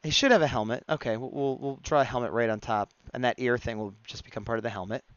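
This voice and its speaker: A man narrates his sketch on a live stream, casual and playful and quick to laugh. His voice is smooth and mid-pitched, recorded close and dry, a little muffled. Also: dry recording. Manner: playful and chatty, laughs at his own jokes.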